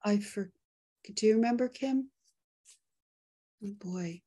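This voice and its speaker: A woman hosting a casual live webinar over a video call, excitable and quick to laugh as she reads poll results and the chat. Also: mid-range voice. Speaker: host.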